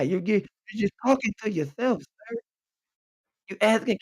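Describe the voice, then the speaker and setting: A man's voice: sits high, expressive, moderate pace, dry recording, rough recording. A man hosting a comic advice bit, handing out blunt, profane mock-doctor diagnoses. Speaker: podcast host. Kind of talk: comic advice bit reading messages aloud.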